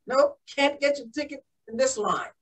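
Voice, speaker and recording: A woman's voice: sits high, expressive, normal speed, distant mic. A woman voicing a curt male circus ticket seller who talks bluntly and dismissively.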